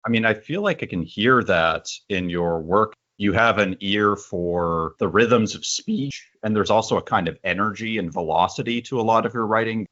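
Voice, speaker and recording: Deep-voiced male interviewer. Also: moderate pace, few pauses, a bit bright. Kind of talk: interview questions, reading a quoted passage. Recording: dull, muffled sound.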